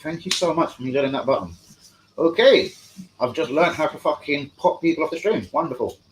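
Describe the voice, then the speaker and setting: A man's voice: fairly high pitch, lively intonation, fairly quick, slight background noise, poor audio. A young man hosting a live fan stream, profane, combative and mocking as he talks to his chat. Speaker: fan channel host. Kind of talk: live-stream football rant.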